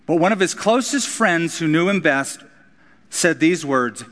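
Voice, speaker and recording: A man's voice: fairly high pitch, lively intonation, a little slow, fairly bright tone. Earnest male pastor preaching in a hall. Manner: earnest preaching, shifting between casual asides and emphatic peaks. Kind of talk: sermon. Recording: long reverb of a large hall.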